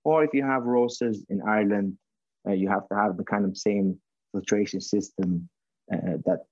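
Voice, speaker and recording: A man with a fairly low, breathy-husky voice talks loosely about running his coffee shop, peppering everything with slang and the odd curse. It sounds like a casual podcast chat. The recording is dry and a bit muffled. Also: fairly even intonation, moderate pace, darkish tone, no room sound. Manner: slangy, profane, laughing storyteller.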